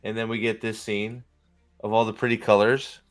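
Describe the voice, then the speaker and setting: A man's voice: on the low side, little pitch movement, moderate pace, soft background music. A man hosting casual reaction commentary on video clips, rambling and joking crudely. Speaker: host.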